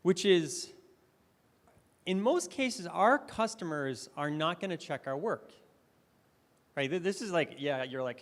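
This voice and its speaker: A man's voice: a little high, expressive, slow pace, long pauses. A man giving a conversational conference presentation, full of fillers and restarts. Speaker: conference speaker. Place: conference hall. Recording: reverberant hall.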